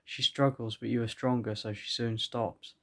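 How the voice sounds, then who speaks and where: A man's voice: medium pitch, fairly even intonation, moderate pace, a bit bright. A man reading an AI-written second-person story aloud, often stopping to comment and laugh at it. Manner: breaks into laughter, comments between lines.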